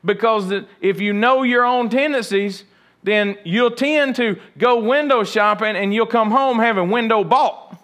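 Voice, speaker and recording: A male pastor delivers a sermon in a loose, conversational way. He jokes with the congregation and acts out little everyday scenes as he goes. His voice sits a little high for a man. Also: measured pace, a bit bright.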